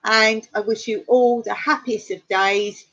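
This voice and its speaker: A woman's voice: mid-range voice, fairly even intonation, measured pace, a bit bright. Chatty Englishwoman, lo-fi live stream. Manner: chatty storyteller, laughs often, mimics others' pronunciation. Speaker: livestream host. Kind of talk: casual live-stream chat. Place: home in rural Cyprus. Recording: dull lo-fi sound.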